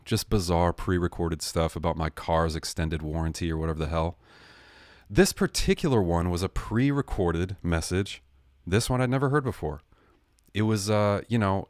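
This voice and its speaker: Deep-voiced man ranting on a livestream. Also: dry recording, clean studio sound. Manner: jokey, sarcastic, self-correcting. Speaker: livestream host. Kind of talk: casual storytelling rant.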